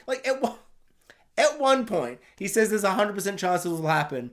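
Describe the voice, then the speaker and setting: Reviewing a film, a man with a fairly high, sing-song voice rants a little fast. He mocks and uses sarcasm, wanders between points and swears freely.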